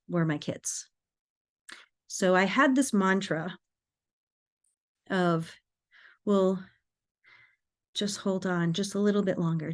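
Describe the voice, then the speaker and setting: A woman, a podcast guest, telling a personal story in an earnest, animated way. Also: on the low side.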